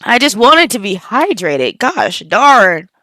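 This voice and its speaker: A woman's voice: on the high side, sing-song, slow pace, pushed and bright, no echo, studio quality. A young woman streaming a game playthrough, reacting and commenting while keeping her voice down late at night. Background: faint game music.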